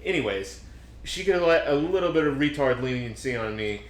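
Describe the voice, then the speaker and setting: A man's voice: medium pitch, animated, normal speed. A young man hosting a podcast, telling rambling stories full of swearing and acted-out quotes. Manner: rambling storyteller, swears a lot, acts out quotes. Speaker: podcast host. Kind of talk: casual chat. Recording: roomy echo.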